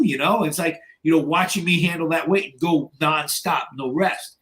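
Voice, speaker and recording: A man in his sixties with a slightly high voice, talking casually as a podcast guest. He speaks bluntly and swears freely. He keeps saying "you know" and acts out the voices of others in his stories. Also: moderate pace, fairly bright tone. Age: 60s. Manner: blunt and profane, with many "you know" fillers. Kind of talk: casual storytelling.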